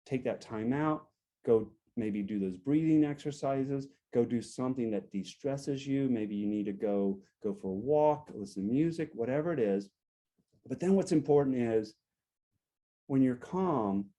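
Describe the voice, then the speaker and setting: A man's voice: medium pitch, unhurried. A man giving a workshop talk to a support group, explaining step by step, checking in often with "right?", and acting out sample phrases. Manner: acts out sample phrases to show a calm and an angry tone. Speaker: guest speaker on relationships.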